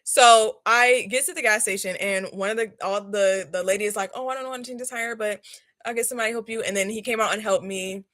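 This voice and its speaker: A young woman in her twenties telling a casual, slangy storytime while doing a face mask, animated and laughing often. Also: a little high, fast. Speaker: vlogger.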